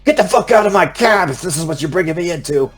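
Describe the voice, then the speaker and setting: A man's voice: sits low, little pitch movement, a little slow, a bit bright, slightly rough, soft background music, exaggerated voice. A man voicing a panicked male cab driver who swears.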